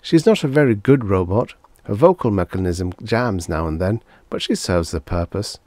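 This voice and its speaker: A man's voice: on the low side, expressive, normal speed, a little mellow, no echo, natural voice. A man playing a smug grinning alien collector. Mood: smug amused. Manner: breezy, amused and mocking. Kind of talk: audiobook reading.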